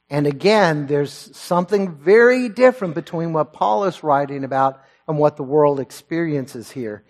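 High-voiced preacher with big swings. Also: male voice, lively intonation, moderate pace, few pauses. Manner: swells loud and high on scripture quotes, drops low and quiet on personal asides. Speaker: pastor. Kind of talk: sermon.

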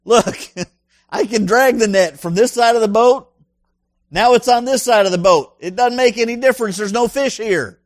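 A man voicing an exasperated fisherman who protests about his own trade, in a higher, louder voice than his own. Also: normal speed, no echo, studio quality. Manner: indignant, protesting.

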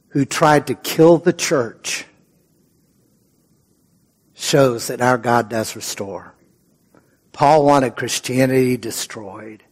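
A male pastor preaching a sermon in an earnest, conversational way, with prayerful pauses and moments where he drops to a soft voice. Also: mid-range voice, slightly rough.

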